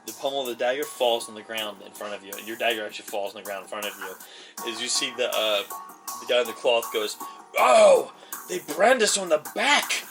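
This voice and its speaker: A man's voice: fairly low pitch, fairly even intonation, quick pace. Casual male game master, rambling narration, distant mic, music underneath. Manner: rambling, laughs often, many fillers. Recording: far from the mic, music behind.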